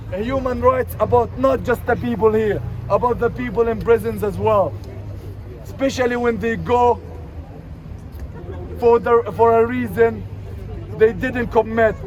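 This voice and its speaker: Man with a high voice shouting at a street protest. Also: low-quality recording. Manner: emotional, rising to shouting. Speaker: protest speaker. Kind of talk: impassioned street protest speech. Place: outdoor city street protest. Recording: outdoor crowd noise. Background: crowd of protesters.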